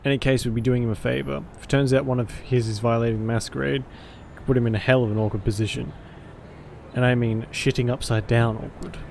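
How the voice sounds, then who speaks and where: A man's voice: medium pitch, steady tone, quick pace, vocal fry, a little mellow, slight background noise, natural voice. A man voicing a cynical, streetwise male vampire detective with a gritty, hard-boiled drawl. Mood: gruff. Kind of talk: visual novel voice acting.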